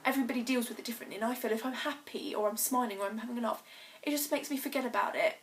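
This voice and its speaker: A teenage girl, talking emotionally in a personal vlog, halting and earnest, choked up and close to tears. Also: on the high side, fairly bright tone, slight background noise. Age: teens. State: choked up, tearful. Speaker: vlogger.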